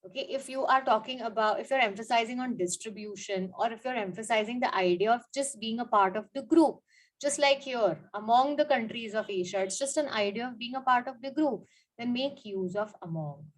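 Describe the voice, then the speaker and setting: Teacher, woman, higher voice. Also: a little fast, rough recording. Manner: repeats points, frequent "okay" and "you know". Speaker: English teacher. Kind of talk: explaining grammar with examples.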